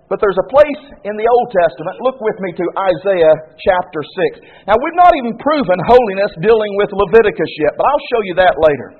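A man's voice: high-pitched, big pitch swings, fairly quick, few pauses, breathy edge, phone-quality sound. A man preaching a sermon, emphatic, repeating key words and lifting his voice on the points he stresses. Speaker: pastor.

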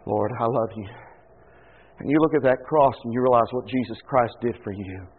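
A male preacher delivers an impassioned sermon. He lifts into loud pleading prayer and falls back to a hushed telling. His voice comes through thin and narrow, like a phone line. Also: mid-range voice, moderate pace, slight background noise. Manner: impassioned, shouts pleading prayers then drops to a hush. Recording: tinny phone-like sound.

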